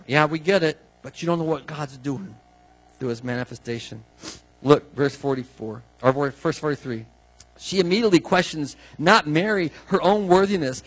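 A man preaching a casual, animated sermon, acting out the people in the story and swinging from quiet asides to loud exclamations. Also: fairly high pitch, a little fast, breathy edge, low-quality recording. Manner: animated, swings from soft asides to loud bursts, acts out quotes. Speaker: pastor.

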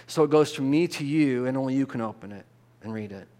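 At a fast clip and a medium pitch, a pastor delivers an informal sermon full of false starts and repeated words. When he emphasizes something, he turns loud and lively.

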